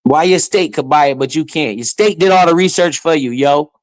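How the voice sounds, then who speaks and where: Animated, heckling man with dry sound. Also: a little high, a little fast, no room sound. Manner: animated, heckling, swears and laughs often. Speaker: finance streamer. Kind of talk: casual commentary over a played clip.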